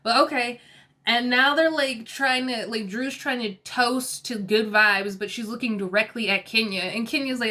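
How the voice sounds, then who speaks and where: Bright-voiced chatty woman vlogger. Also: fairly high pitch, normal speed. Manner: chatty, gossipy, opinionated. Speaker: reality TV recap vlogger. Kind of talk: casual episode review.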